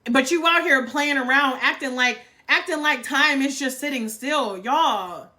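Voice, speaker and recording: A woman's voice: high-pitched, unhurried, sharp tone. A woman, giving a blunt, fired-up motivational livestream talk and swearing freely. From North Carolina, US. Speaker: livestream host.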